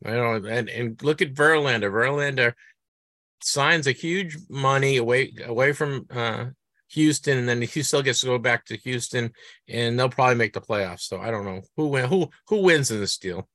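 A middle-aged man with a Boston accent, hosting a relaxed chat. His voice is bright and forward, recorded dry and close. He stumbles and restarts as he asks his questions. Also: mid-range voice, no room sound. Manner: halting, restarts often, chatty. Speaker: podcast host. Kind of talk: casual interview chat.

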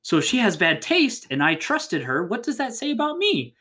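A storyteller voicing a nervous young man who is in love and pleads his case, with his pitch climbing. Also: wildly swooping pitch, moderate pace, sharp tone, heavily acted. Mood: pleading. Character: nervous young man, lovesick high-school singer.

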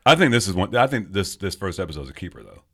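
A man in his forties co-hosting a podcast, chatting casually over beers, joking, laughing loudly and swearing a lot. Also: sits low, very animated, rapid-fire. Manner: loud laughing, profane, jokey. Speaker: podcast co-host.

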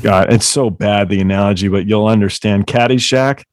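Excitable man telling road stories. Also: fairly low pitch, moderate pace, dry recording. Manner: excitable storyteller, swears, many restarts. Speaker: podcast host, guest. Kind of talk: casual chat.

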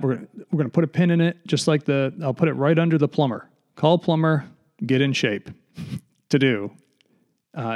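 In a basement room, a man hosts a solo comedy podcast, rambling, self-deprecating, and slightly out of breath as he digresses and slips into mock voices. His voice sits in the mid-range, creaky and a little mellow.

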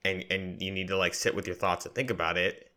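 Deep bright-voiced man, casual podcast talk. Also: little pitch movement, brisk. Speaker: podcast co-host.

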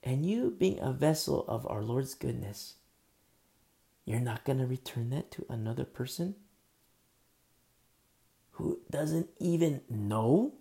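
A man preaching a sermon, impassioned, rising to emphatic questions and dropping to a hush. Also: mid-range voice, expressive, slow, gravelly, long pauses.

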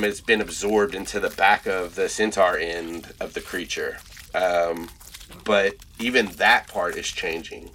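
Low, bright-toned man narrating a horror game. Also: slight background noise. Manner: halting, many fillers, describes slowly. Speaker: game master.

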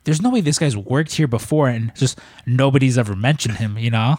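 A man's voice: medium pitch, lively intonation, brisk, a little mellow, no room sound. A man co-hosting a podcast, talking casually with lots of fillers and long run-on intros. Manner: rambling, filler-heavy intros. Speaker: podcast co-host.

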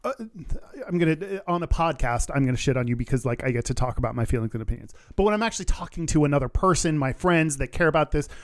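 A man's voice: a little high, expressive, quick pace. A man co-hosting a podcast in casual chat, earnest and loose, swearing offhandedly. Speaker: podcast co-host.

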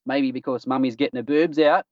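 A man's voice: mid-range voice, fairly even intonation, brisk, no echo. A man hosting a casual podcast news roundup, joking and laughing at his own jokes. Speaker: podcast host. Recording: dull dry lo-fi recording.

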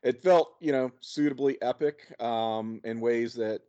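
A podcast co-host with a mellow, mid-range voice chats casually about a movie at a measured pace, rambling and tossing in playful asides. The audio is dull and lo-fi.

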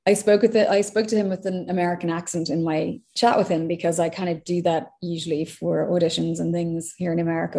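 An Irish actress telling stories in a casual interview, chatty and laughing often. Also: female voice, on the low side, warm tone. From Ireland.

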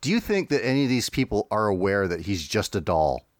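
A man chatting casually on a podcast, recapping cartoon plots with dry asides and frequent laughs. His pitch moves a lot as he talks. The sound is close and dry, with no room echo. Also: sing-song, a little fast. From Canada. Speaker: podcast co-host. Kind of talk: casual chat, summarizing cartoons.

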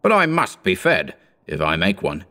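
A man voicing a red-faced, greedy male gentleman from a storybook in a raised, fussy voice. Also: low voice, huge pitch swings, moderate pace, full character voice.

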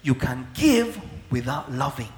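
Slow, emphatic pastor preaching. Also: male voice, mid-range voice, big pitch swings. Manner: slow, emphatic teaching with frequent checks for understanding. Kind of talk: sermon. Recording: echoey hall with long reverb.

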